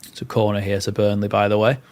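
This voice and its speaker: A man's voice: lowish voice, completely flat delivery, fast talker, darkish tone. A young man hosting a live watchalong, mixing play-by-play with chatty, rambling asides. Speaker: fan channel host.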